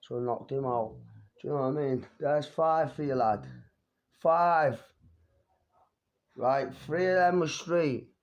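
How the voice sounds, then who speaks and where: A man's voice: a little high, measured pace, pauses often. A young man telling boastful stories of his street fights, swearing and talking streetwise. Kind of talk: boastful fight-story vlog.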